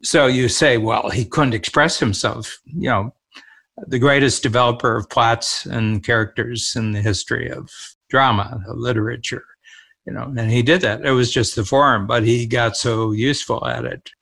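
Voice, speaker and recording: A man's voice: medium pitch, steady tone, moderate pace, vocal fry, fairly bright tone. An older man, a co-host, talking in a reflective, storytelling manner in a casual conversation.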